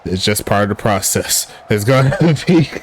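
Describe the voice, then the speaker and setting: A man calling a simulated football game play by play in a relaxed streaming style, joking with chat and rising on big plays. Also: lowish voice, moderate pace, slight background noise. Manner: laid-back, laughs at jokey player names, excitable on big plays. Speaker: play-by-play commentator. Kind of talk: casual sim football commentary.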